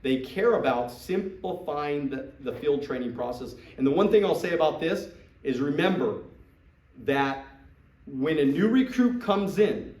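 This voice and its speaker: A man's voice: fairly high pitch, expressive, unhurried, darkish tone. A man giving a motivational business training talk, emphatic and repetitive, acting out sales conversations. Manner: emphatic, repeats phrases, acts out sales dialogue. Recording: echoey room, mic at a distance.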